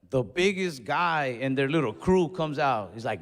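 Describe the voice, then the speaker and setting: A man's voice: medium pitch, normal speed, few pauses. A man telling a stand-up story on stage, acting out the people in it and laughing as he goes. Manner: animated, acts out other people in dialogue, laughs mid-story. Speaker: stand-up comedian. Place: comedy stage in a hall. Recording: live hall reverb, faint ambience.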